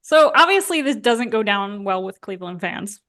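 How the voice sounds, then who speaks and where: A woman's voice: medium pitch, animated, moderate pace, a bit bright. A woman in her thirties co-hosting a podcast, telling a story in a chatty, casual way and laughing along. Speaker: podcast co-host.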